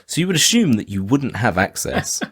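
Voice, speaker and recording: A man co-hosting a podcast in casual chat about a film, animated and jokey. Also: medium pitch, brisk, breathy edge. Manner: animated, jokey, quotes characters in silly voices. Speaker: podcast co-host.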